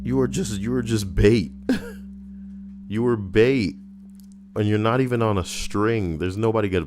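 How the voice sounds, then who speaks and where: A man's voice: deep voice, a little mellow. A man streaming, reading out comments with crude, profane jokes.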